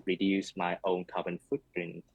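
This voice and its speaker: A man's voice: deep voice, monotone, normal speed, dull audio. A man answering speaking test questions in a hesitant way, heard through a played-back recording of the test. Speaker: exam candidate.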